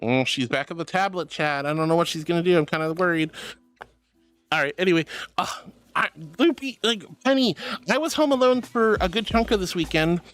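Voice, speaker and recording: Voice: fairly quick, no room sound. A streamer chatting casually and reading out viewer messages, calling everyone sweetie and honey. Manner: animated, jumps between high squeals and low mutters.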